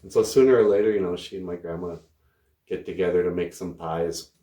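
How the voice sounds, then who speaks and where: A man's voice: low-pitched, a little fast, dark tone, reverberant. A man hosting a language podcast, telling casual stories and laughing often as he goes. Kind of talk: casual storytelling lesson.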